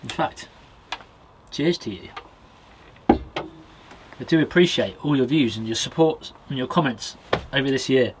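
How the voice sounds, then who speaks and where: Relaxed British man chatting to camera. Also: medium pitch, unhurried, pauses often, background noise. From Britain. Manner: relaxed and chatty, addresses viewers directly. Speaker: outdoors vlogger. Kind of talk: casual vlog to camera. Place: small wood cabin with a stove, in woods.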